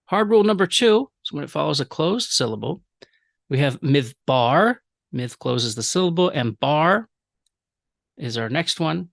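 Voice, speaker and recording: A man teaching a recorded language lecture, explaining rules with fillers and repeating example words slowly. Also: fairly high pitch, animated, creaky, fairly bright tone, no echo, clean studio sound. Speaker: professor.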